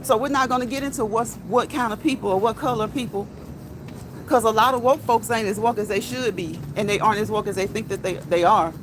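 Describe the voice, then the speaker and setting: A woman's voice: fairly high pitch, fairly even intonation, fairly quick. A woman hosting a live stream while walking outdoors, chatting to viewers, reading their comments aloud and tagging lines with "okay?" and "right?". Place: outdoors near a street and train tracks. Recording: outdoor street with traffic noise. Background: passing cars and a train.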